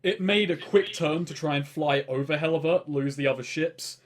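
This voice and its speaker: A man's voice: a little high, normal speed. Casual male game master. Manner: casual, relaxed, explains rules. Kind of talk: narrating a tabletop game.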